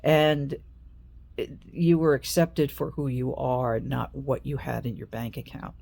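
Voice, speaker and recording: A woman's voice: a bass voice, fairly even intonation, unhurried, gravelly, warm tone. A woman in her fifties telling a personal story in a rambling, repetitive way, often circling back over details.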